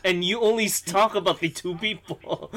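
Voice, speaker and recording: A man's voice: high-pitched, measured pace, fairly bright tone. A man in a casual podcast chat who laughs often and asks puzzled questions. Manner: giggly, curious questioning.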